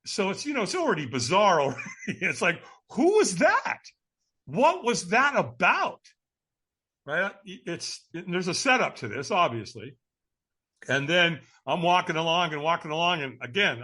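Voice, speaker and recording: Animated storytelling man, high and lively. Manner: energetic, emphatic, laughs often. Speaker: guest speaker.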